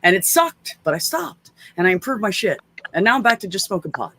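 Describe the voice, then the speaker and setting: A man's voice: high voice, big pitch swings, brisk, pushed and bright. A man in casual chat, telling stories bluntly with plenty of swearing. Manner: blunt, profane storyteller.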